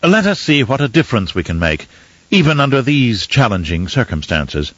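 A man voicing a fussy, pedantic male etiquette advisor with a smooth, silky voice and overly proper, theatrical manner in an audiobook. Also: mid-range voice, very animated, moderate pace, a bit bright, no room sound, highs cut off. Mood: prim, instructive. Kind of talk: audiobook character reading.

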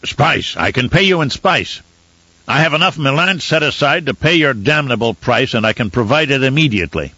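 A man's voice: medium pitch, expressive, moderate pace, pushed and bright, no room sound. A man voicing a cruel, scheming older male baron with a sneering, mocking manner, in a dull, dry recording. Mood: pressed.

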